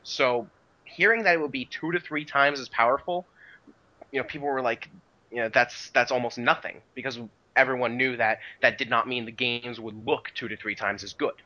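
A man's voice: medium pitch, a little fast, dull audio. A man co-hosting a casual podcast about video game history, rambling with many restarts and "you know" fillers. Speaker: podcast co-host.

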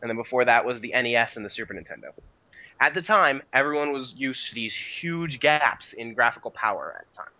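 A man's voice: mid-range voice, animated, brisk, sharp tone, highs cut off. A man co-hosting a casual podcast about video game history, rambling with many restarts and "you know" fillers. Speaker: podcast co-host.

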